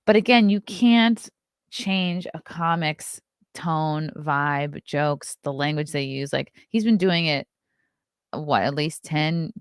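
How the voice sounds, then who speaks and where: A woman's voice: low voice, no room sound, studio quality. A woman from Long Island with a Long Island accent, hosting a casual morning show, reading headlines aloud and riffing on them bluntly and sarcastically. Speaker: host. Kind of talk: casual morning livestream chat.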